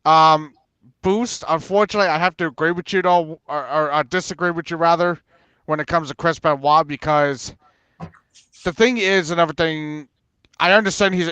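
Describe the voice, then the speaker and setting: Animated man telling wrestling stories. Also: fairly high pitch, normal speed, smooth, no room sound. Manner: animated storyteller, acts out quotes, laughs often. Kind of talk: casual chat.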